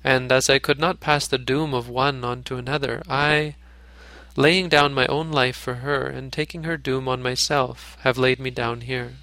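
A man voicing a noble, selfless male deer king in a storybook reading, speaking in a calm, gentle, pleading way. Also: medium pitch, normal speed, no echo.

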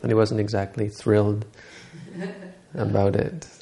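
A man giving a dharma talk, retelling a Buddhist story in a halting way with many restarts and self-corrections. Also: on the low side, expressive, creaky, warm tone.

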